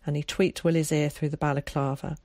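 A woman narrating an audiobook in a calm, measured way. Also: sits low, dry recording, studio quality.

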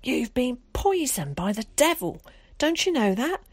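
A woman reading an audiobook, voicing a cruel, pious mother with a shrill, accusing manner. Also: lively intonation, unhurried, darkish tone, no room sound. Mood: screaming. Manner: shrill, accusing, rising to screams. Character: harsh, pious, cruel mother, 1940s working class.

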